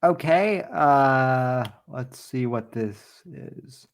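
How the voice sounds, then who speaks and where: A man's voice: medium pitch, drawn-out words. A man hosting a casual online show, easygoing and hesitant, filling gaps with "uh". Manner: easygoing, hesitant, many fillers. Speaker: show host.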